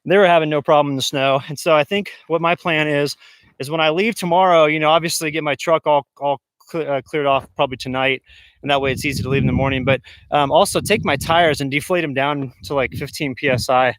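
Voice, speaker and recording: A man chats on a livestream from his snowy off-grid campsite, wandering between outdoors and his tent. His voice sits a little high and sounds dry and close to the mic. He talks in a loose, rambling way, full of fillers and restarts. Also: fairly even intonation, a little fast, fairly bright tone, no room sound. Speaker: vlogger livestreaming off-grid camping. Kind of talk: casual livestream chat. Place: outdoors in snow and inside a large tent.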